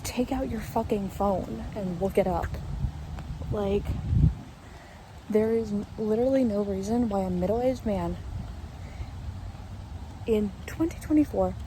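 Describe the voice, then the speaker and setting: A woman's voice: mid-range voice, takes it slowly, long pauses, noisy background. A woman in her twenties chatting casually to a phone camera, swearing freely and full of fillers. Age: 20s. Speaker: vlogger. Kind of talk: casual vlog chat. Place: outdoors walking, then indoors at home.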